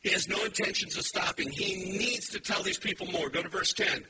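A man preaching a sermon to a live congregation, animated and emphatic, cracking playful puns. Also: high voice, brisk, distant mic, noisy background. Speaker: pastor.

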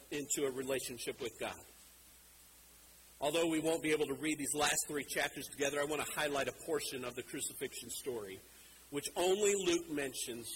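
A male preacher delivering a sermon in a fairly high voice. He grows animated and acts out scripture, slowing down to stress key lines. A clear layer of noise runs under the recording. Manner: animated, acts out scripture quotes, slows for emphasis.

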